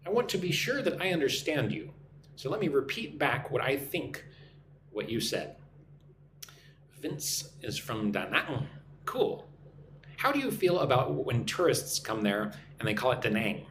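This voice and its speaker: Upbeat American man hosting an English lesson live; lively pitch, echoey room with a low hum. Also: moderate pace. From United States. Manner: upbeat, reads viewer names aloud, models phrases to repeat. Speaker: English teacher live streaming. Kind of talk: casual live-stream lesson, reading chat comments. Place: home in a Vietnamese city.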